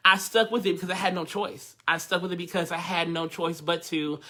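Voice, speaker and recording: A young man with a naturally high, light voice talks openly about his past. His tone is bright and forceful, and he chats casually as a voice teacher in a live workshop, laughing now and then. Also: little pitch movement, brisk. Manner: candid, personal, with laughs and restarts.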